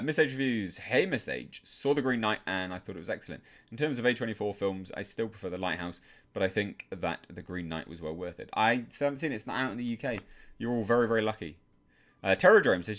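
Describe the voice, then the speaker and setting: Calm low-voiced man reading live chat. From England. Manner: calm, measured, reads out viewer messages. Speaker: live stream host.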